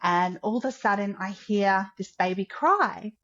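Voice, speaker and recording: A woman of medium pitch and a somewhat bright tone speaks unhurriedly over dull audio. She's a podcast guest casually telling a personal story in a chatty way, full of "like," acting out what others said.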